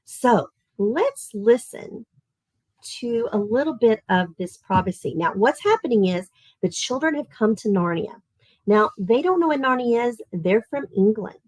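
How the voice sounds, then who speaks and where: A woman's voice: fairly high pitch, no echo, rough recording. Southern Tennessee woman, friendly online teacher for kids' lit camp, chatty, dry close sound. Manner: chatty and animated, asks kids questions, reads verse slowly and rhythmically. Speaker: teacher leading an online summer literature camp. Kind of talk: live online lesson for children.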